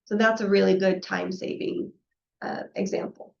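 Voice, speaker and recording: A woman's voice: mid-range voice, flat delivery, moderate pace, vocal fry, a little mellow, lo-fi sound. A woman giving a professional webinar presentation, talking conversationally, often checking in with "right?" and acting out quoted exchanges.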